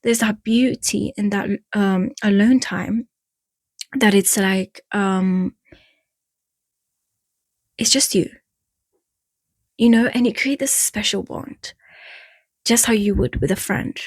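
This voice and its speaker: A woman's voice: medium pitch, slow pace, pauses often, dry recording. Frank chatty woman, Eastern European accent. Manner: frank and chatty, drifts off topic, laughs at herself. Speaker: vlogger giving breakup advice. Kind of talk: casual direct-to-camera talk.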